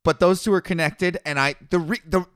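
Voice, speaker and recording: A man's voice: sits high, fairly even intonation, fairly quick, a bit bright, clean tone, no room sound, clean studio sound. A man hosting a podcast, chatting casually, amused and laid-back, swearing freely. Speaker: podcast host. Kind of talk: casual chat.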